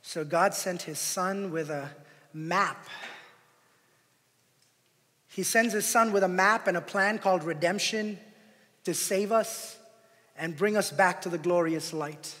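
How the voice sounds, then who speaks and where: A male pastor delivering a sermon, moving from calm explanation to impassioned, near-shouted preaching with acted-out quotes. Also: high-pitched, takes it slowly, long pauses. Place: church sanctuary. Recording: reverberant hall.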